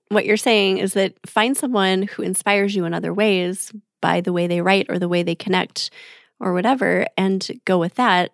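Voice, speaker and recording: A woman hosting an interview podcast, encouraging and quick to sum up what her guest says. Her voice is mid-pitched and recorded dry and close, with no room sound. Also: dry recording. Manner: encouraging, sums up the guest's points. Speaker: podcast host. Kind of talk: conversational interview.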